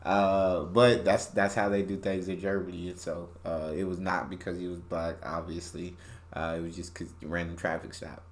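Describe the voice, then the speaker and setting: A man with a fairly low voice reacts to clips in loose, conversational commentary. He leans on repetition and grows heated when something bothers him. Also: level tone, moderate pace. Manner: emphatic, repeats phrases, gets heated. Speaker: reaction video host. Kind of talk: casual commentary.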